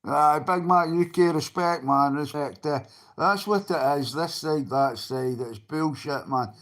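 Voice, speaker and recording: A man's voice: a little high, a little slow, a bit bright. Sweary Scottish man talking to chat. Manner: sweary, blunt, talks straight to chat. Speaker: livestreamer. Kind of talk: casual livestream chat.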